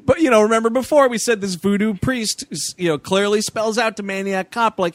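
A man's voice: high voice, normal speed, dry recording. A man co-hosting a podcast, recapping a movie in casual, joking, profane chat. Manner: joking, profane, puts on goofy voices for characters. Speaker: podcast co-host.

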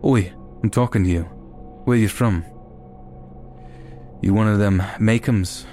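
A drunk, menacing football hooligan, as a deep-voiced man puts him on hurls taunts in a low, heavy voice. Faint music sits under the reading. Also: a little slow, lightly acted. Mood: taunting. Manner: taunting, shouted lines.

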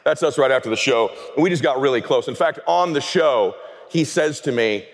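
Fast, husky-voiced man in an echoing hall. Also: medium pitch. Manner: energetic storyteller, emphatic. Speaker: keynote speaker. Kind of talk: motivational keynote speech. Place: large event stage.

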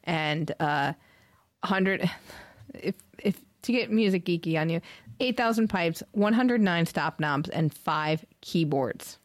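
A woman's voice: fairly low pitch, animated, slow pace, no echo, studio quality. A woman hosting a podcast in casual chat, sharing news in an upbeat, enthusiastic way. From United States. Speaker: podcast host.

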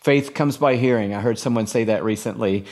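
A middle-aged man, a pastor and author, preaching in conversation with emphasis and slowing down on key points. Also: on the low side, a little mellow.

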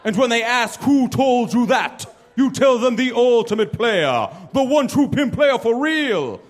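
A stand-up comedian doing an impression of a boisterous male reggae star in a put-on Jamaican accent, making slow, preachy proclamations on stage. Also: very high voice, expressive, a little hiss or hum, voice pushed up. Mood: boastful. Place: live comedy venue.

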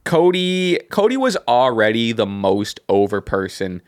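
A man's voice: mid-range voice, big pitch swings, no echo, clean studio sound. A man co-hosting a podcast who chats casually about wrestling, rambling and restarting his sentences as he goes. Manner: rambling, halting, with many restarts and laughs. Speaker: podcast co-host.

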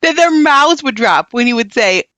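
Enthusiastic woman host, high voice, lively delivery, dry close mic. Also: moderate pace, no echo. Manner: enthusiastic, exclaiming reactions. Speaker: podcast host. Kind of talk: casual interview chat.

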